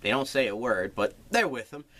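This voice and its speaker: A man's voice: medium pitch, very animated, fairly quick, bright, forceful tone. A man recapping a film's plot in a casual, sarcastic way, swearing freely as he goes. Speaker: movie reviewer.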